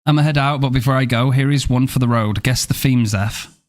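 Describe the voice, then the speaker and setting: A man's voice: medium pitch, brisk. A man live-streaming a game, chatting casually and playfully, joking and thanking viewers by name, with casual swearing.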